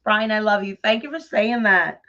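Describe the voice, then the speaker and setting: A middle-aged woman from New York with a New York accent, chatting warmly and effusively with viewers by name while crafting on a livestream. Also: medium pitch, normal speed. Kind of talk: casual livestream chat while crafting bows. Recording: dull lo-fi livestream audio.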